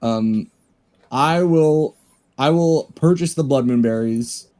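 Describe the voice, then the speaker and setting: A man playing a tabletop game, chatting in a playful, excitable way. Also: medium pitch, takes it slowly. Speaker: player. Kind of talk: casual tabletop game chat.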